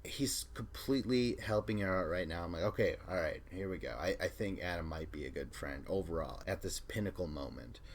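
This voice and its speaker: A man's voice: deep voice, expressive, brisk, few pauses, slight background noise. A man hosting a podcast, chatting casually through a recap, often laughing and retelling scenes with quoted lines. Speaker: podcast host.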